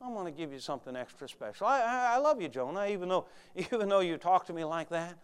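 A man voicing God as a gentle, loving father who speaks hushed and tender words to Jonah, halting as he goes. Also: high voice, expressive, clear, resonant tone.

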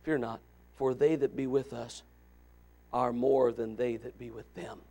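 A man preaching who voices a calm male prophet quietly reassuring his frightened servant. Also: measured pace, creaky, husky, exaggerated voice. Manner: calm, low-key, reassuring.

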